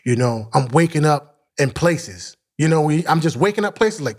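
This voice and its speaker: Middle-aged philly guy, kinda high voice, telling stories all animated and cursing a lot. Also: moderate pace. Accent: Philadelphia. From Philadelphia. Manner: animated, acts out quoted voices, swears freely. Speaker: podcast guest. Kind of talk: storytelling in an interview.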